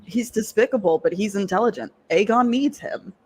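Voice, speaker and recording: A man with a notably high voice chats on a livestream. He is animated and blunt and swears freely. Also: moderate pace, breathy edge. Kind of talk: casual livestream chat.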